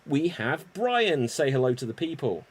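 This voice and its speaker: A man's voice: medium pitch, very animated, moderate pace, a little hiss or hum. A man hosting a live online improv show, introducing players with upbeat, joking lines. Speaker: host.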